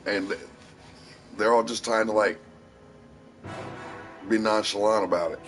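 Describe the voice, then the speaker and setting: A man's voice: fairly low pitch, steady tone, a little slow, faint music behind. A man casually telling a long story, rambling and swearing freely with a tough edge. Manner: profane, rambling, tough-talking. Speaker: streamer.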